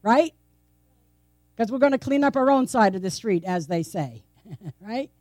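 A woman's voice: medium pitch, expressive, measured pace, a little mellow, no echo, clean studio sound. A woman preaching a sermon in a conversational, playful way, tossing out rhetorical questions and laughing often. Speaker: pastor. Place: church.

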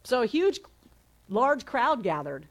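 A woman's voice: a little high, big pitch swings, takes it slowly. Casual, conversational woman preaching a sermon. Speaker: pastor.

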